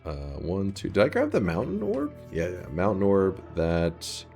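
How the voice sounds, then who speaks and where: Deep-voiced male streamer, rambling play-by-play, faint game music underneath. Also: huge pitch swings, a little slow, gravelly, a little mellow. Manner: rambling, thinks aloud and answers chat. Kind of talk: casual gameplay commentary.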